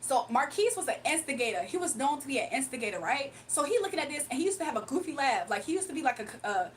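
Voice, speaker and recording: A young woman livestreamer telling a story to her chat in an animated, chatty way with asides. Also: sits high, fast, recorded from a distance, slight background noise, rough recording. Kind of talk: casual storytelling to a live chat.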